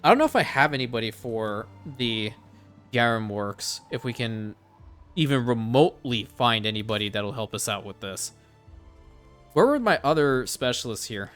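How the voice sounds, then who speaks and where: Guy with a bright punchy voice talking thru his city builder game, cussing a bit, soft music under it. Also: mid-range voice, expressive, moderate pace. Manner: thinks aloud, casual swearing. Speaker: let's play host. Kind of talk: casual gameplay commentary.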